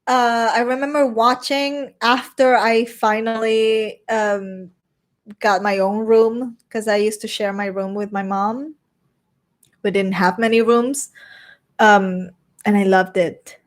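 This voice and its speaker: Slow-talking Venezuelan woman reading her chat. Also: a little high, steady tone. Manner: chatty and self-conscious, reading viewer questions aloud and answering them. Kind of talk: casual chat.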